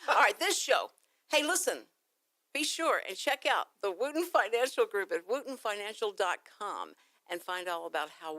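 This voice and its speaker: A woman's voice: mid-range voice, a bit bright, dry recording. Bubbly woman hosting talk radio. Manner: bubbly, laughs often, rambling asides. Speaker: radio talk show host.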